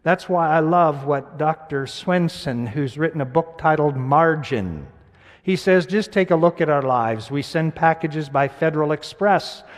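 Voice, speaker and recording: Preacher in a reverberant church. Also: male voice, a little high, expressive, measured pace. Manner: swings from loud emphatic reading to hushed, quiet reflection. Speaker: pastor. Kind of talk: sermon. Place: church sanctuary. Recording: church sanctuary with long reverb.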